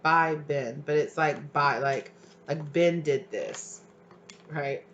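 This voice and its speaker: A tarot reader giving a casual pick-a-card reading, rambling with lots of filler likes and sudden excited bursts. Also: mid-range voice, slow pace, a little hiss or hum.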